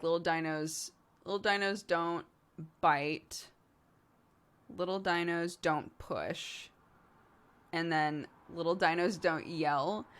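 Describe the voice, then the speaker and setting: A woman's voice: on the low side, fairly bright tone. A woman streamer chatting casually with viewers, laughing easily and swearing now and then. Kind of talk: casual chat answering viewer questions.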